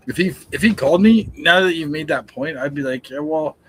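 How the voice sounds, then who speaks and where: A man's voice: a little high, moderate pace, slight background noise, low-quality recording. Easygoing man in casual chat.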